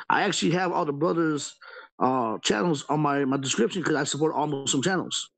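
A man's voice: fairly high pitch, fairly quick, gravelly, fairly bright tone, rough recording. A man hosting a live stream panel, venting at length in casual chat and filling his talk with "you know" and "bro".

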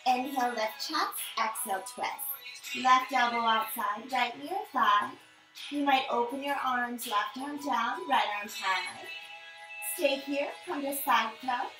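Calm woman cueing a yoga flow. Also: a little high, slow pace. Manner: calm, encouraging step-by-step instruction. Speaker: yoga instructor. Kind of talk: guided yoga class cues. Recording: echoey room, mic at a distance, music behind.

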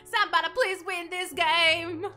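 A woman's voice: very high-pitched, steady tone, measured pace, bright, forceful tone, faint music behind. A woman streamer doing a put-on Southern American accent during a casual game chat, giggly and exclaiming. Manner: giggly, exclaiming, swearing playfully. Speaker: streamer celebrating her birthday. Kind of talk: casual chat while gaming.

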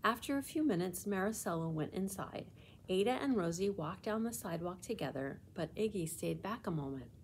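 Librarian narrator: a woman reading a children's chapter book aloud, gentle and clear. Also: on the low side, lively intonation, a little fast, a little hiss or hum.

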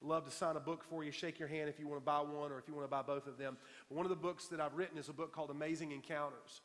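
A man's voice: on the high side, fairly even intonation, very fast. Emphatic male preacher in reverberant church. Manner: storytelling, emphatic, repeats key lines. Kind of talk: sermon. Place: church sanctuary. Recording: long hall reverb from a church.

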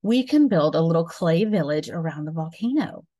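A woman's voice: deep voice, expressive, moderate pace, mellow. A woman reading as a friendly cautious schoolboy.

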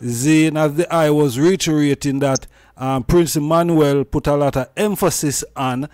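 Male interviewer, slow and halting, fairly high voice, dry sound. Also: fairly even intonation, darkish tone, dry recording. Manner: halting, many "um"s and restarts. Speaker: interviewer, host. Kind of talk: interview questions.

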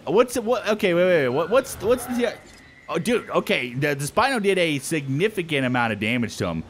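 Excitable young man narrating gameplay. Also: a little high, normal speed, noisy background. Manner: excitable, swears, frequent exclamations. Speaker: gameplay commentator. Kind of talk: excited let's-play commentary.

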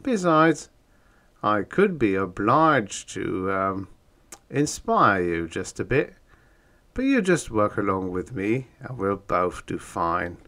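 A man's voice: lowish voice, very animated, slow pace, fairly bright tone, full character voice. A man voicing a wisecracking bug-eyed male monster in an audiobook, breezy and matter-of-fact. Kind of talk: audiobook character voice.

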